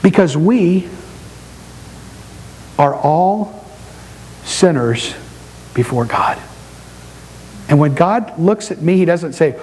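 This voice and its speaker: A middle-aged pastor preaching to his congregation in a church, telling stories with quick asides and repeated words. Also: on the high side, low-quality recording. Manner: animated storytelling preacher with quick asides and repetitions. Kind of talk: sermon. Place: church sanctuary before a congregation.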